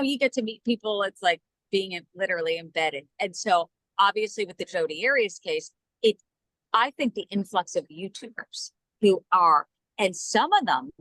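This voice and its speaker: A woman from New Jersey, a news journalist and podcast guest, telling stories in a casual chat and acting out the quotes with lively voices. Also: mid-range voice, no room sound, low-quality recording. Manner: animated, acts out quoted dialogue in lively voices.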